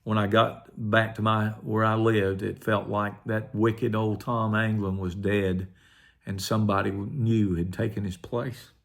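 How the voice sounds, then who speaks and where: An older man, a pastor, telling his personal testimony in an earnest, quietly emotional way. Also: on the low side, little pitch movement, measured pace, creaky.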